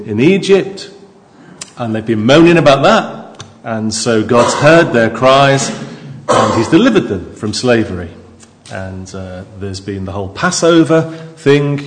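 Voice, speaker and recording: Male preacher, mid-pitched, casual and humorous delivery, church hall with long reverb. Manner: conversational and jokey, with restarts and asides to the congregation. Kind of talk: sermon.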